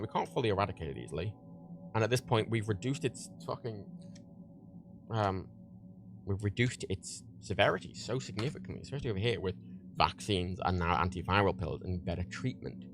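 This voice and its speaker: A man hosting a livestream, ranting heatedly and swearing a lot as he gives his opinions. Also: fairly low pitch. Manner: heated, profane, animated. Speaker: livestream host.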